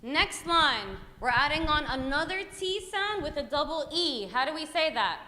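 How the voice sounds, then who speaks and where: A woman teaching a hymn class, upbeat and coaxing, calling out brisk prompts to her students. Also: high-pitched, animated, bright, forceful tone. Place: church hall classroom. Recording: echoey hall reverb.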